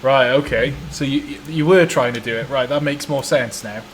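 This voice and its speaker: A man's voice: medium pitch, moderate pace. Chill guy streaming a train sim, joking and swearing, bit of hiss behind. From Wales. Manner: joking, swearing, laid-back banter. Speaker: live streamer playing a train simulator. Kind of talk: casual live stream chat.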